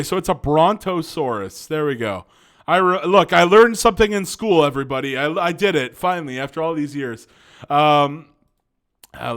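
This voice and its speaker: A man's voice: on the high side, fairly bright tone. A young man giving casual, rambling commentary as a video reviewer, chatty and profane, laughing often and stumbling over words. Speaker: YouTube show reviewer.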